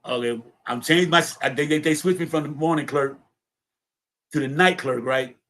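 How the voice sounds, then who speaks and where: Casting note: man, slightly high voice, streetwise storyteller, loose and profane. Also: moderate pace, a bit bright. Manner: streetwise, profane, repeats words. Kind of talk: casual storytelling.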